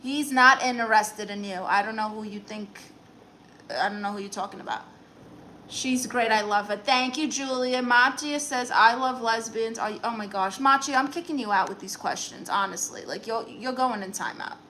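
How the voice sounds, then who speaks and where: A woman with a Brooklyn accent, speaking in a forceful, bright and slightly high voice. She reads her chat out loud and talks back to it with brassy, teasing sass. A faint hum sits behind her. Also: moderate pace. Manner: brassy, sassy, teasing banter. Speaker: comedian reading live chat comments. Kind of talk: live-stream chat in a sassy aunt persona.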